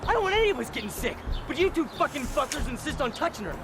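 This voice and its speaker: Guy playing a freaked out cursing dude, squeaky high and rushing, music going behind. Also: very animated, heavily acted. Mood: frantic. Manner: shrill, frantic, cursing. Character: panicked, foul-mouthed young man fleeing.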